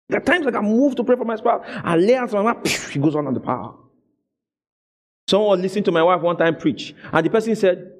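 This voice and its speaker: A man preaching a sermon as a pastor, acting out dialogue in an animated way. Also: sits high, quick pace.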